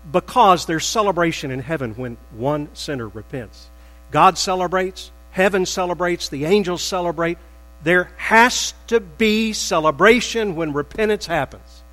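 A man preaching a sermon as pastor, emphatic and animated, acting out quoted lines with rising bursts. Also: fairly high pitch, big-room sound, poor audio.

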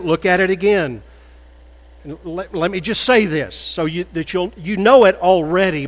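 A man preaching a sermon as a pastor, measured and deliberate, rising to loud emphatic peaks. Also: on the high side. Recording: echoey hall with faint mains hum.

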